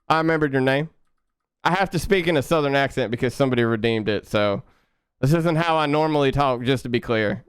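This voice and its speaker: A young man chatting casually with his viewers while coding on a live stream, relaxed and quick to laugh. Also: mid-range voice, smooth, no echo, studio quality. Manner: laid-back, chatty, laughs often, talks to chat.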